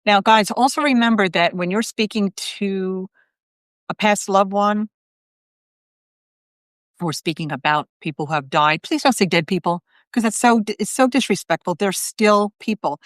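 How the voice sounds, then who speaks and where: A woman's voice: medium pitch, no room sound. A woman psychic medium telling a story to viewers in a chatty live video. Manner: chatty, talks straight to viewers.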